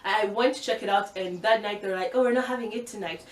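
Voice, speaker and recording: A young woman from Uganda chatting fast and excitedly in a casual vlog, given to exasperated, swearing rants. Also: medium pitch, recorded from a distance. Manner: fast, excitable talker who speeds up. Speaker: vlogger. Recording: roomy, from the mic.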